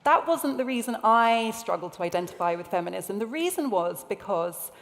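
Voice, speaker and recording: Woman telling her own story on stage, mid pitch, roomy hall echo. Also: animated, moderate pace. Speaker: panel speaker. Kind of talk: personal public talk. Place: large hall. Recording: reverberant lecture hall.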